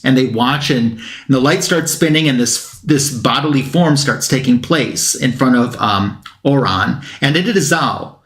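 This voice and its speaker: A man's voice: mid-range voice, takes it slowly, fairly bright tone, roomy sound. A man on a comic book talk show retelling a plot in a casual, rambling way, with fillers and quotes that he acts out.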